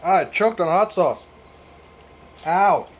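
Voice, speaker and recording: Restringing a guitar for a laid-back tutorial video, a man in his 30s vents with sarcastic, fed-up profanity. He speaks slowly in a high voice, and a little background noise is present.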